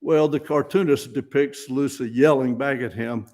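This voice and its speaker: A man's voice: mid-range voice, steady tone, moderate pace, darkish tone. An older man giving an informal, folksy sermon at a fellowship service, self-deprecating and plain-spoken, often restarting his words. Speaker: lay speaker at a fellowship service.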